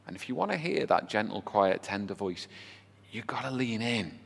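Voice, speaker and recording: A man's voice: on the low side, sing-song, moderate pace, gravelly, husky. A man preaching a sermon, talking in a conversational way and asking the congregation rhetorical questions. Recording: long hall reverb with faint music.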